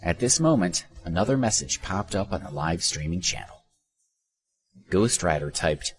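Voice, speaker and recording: A man narrating an audiobook story in an expressive storytelling manner. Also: sits low, measured pace.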